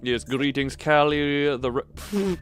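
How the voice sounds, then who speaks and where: A man's voice: on the high side, slow, soft background music. A man streaming a card game live, chatting with viewers in a wry, theatrical way. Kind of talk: live gameplay stream chat.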